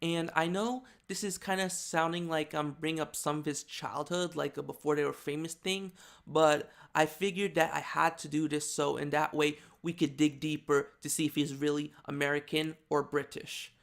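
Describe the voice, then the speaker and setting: A man's voice: a little high, fairly even intonation, normal speed, vocal fry. A man giving casual, rambling video commentary with many fillers and restarts. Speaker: YouTube commentator.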